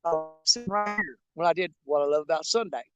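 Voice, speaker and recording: Folksy high-voiced angler. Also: male voice, fast talker, low-quality recording. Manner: folksy, rambling storyteller. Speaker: fishing channel host. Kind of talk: casual vlog talk while bank fishing. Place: outdoors on a riverbank.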